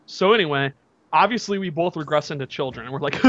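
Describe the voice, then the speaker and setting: A man with a high voice tells a story on a podcast, throwing himself into every quote and shout. The sound is close and dry, with a slightly muffled top end. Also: brisk, no room sound. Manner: animated, acts out shouts and quotes. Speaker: podcast co-host. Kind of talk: casual storytelling chat.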